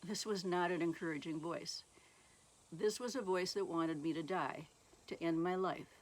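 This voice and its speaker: A woman author giving an earnest, measured Christian testimony and reading passages aloud from her own book. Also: fairly low pitch.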